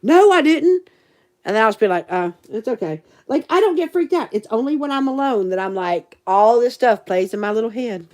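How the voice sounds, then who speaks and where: A woman's voice: a little high, fast talker, hardly any pauses, darkish tone. A woman chatting casually to a live stream audience, giggly and rambling. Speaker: livestream host and teacher.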